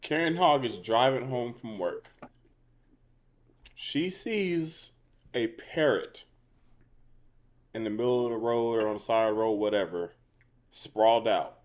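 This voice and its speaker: A man's voice: medium pitch, unhurried, pauses often, highs cut off. A man co-hosting a comedy podcast over a video call, telling a story in a laid-back, profane way full of slang. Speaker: podcast co-host. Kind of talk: casual comedic chat.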